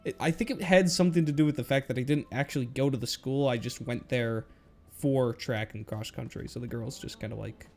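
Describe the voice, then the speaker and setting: A man's voice: mid-range voice, a little fast, vocal fry, faint music behind. A young man casually commenting on his old school slides, rambling and joking at himself with frequent laughs, recorded on a webcam. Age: young adult. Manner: rambling, self-mocking, laughs often. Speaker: YouTuber.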